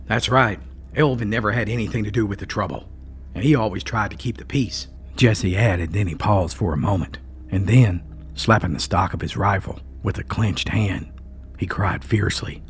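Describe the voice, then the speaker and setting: A man's voice: on the low side, normal speed. A man narrating a dramatic mountain feud story, building suspense with folksy, emphatic asides. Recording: faint music underneath.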